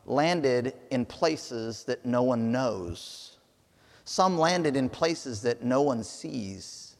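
A man's voice: mid-range voice, big-room sound. A man preaching a sermon, telling a story in an earnest way.

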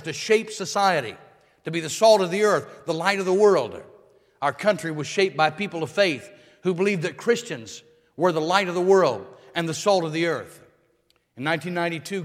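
A man's voice: high voice, long reverb tail. A man preaching a sermon emphatically, repeating phrases and restarting as he drives each point home. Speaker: pastor.

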